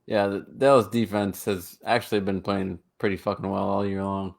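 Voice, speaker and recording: A man's voice: low-pitched, level tone, normal speed, vocal fry. A man co-hosting a sports podcast, chatting casually and calling plays from a live game. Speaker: podcast co-host. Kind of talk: casual sports chat with play-by-play.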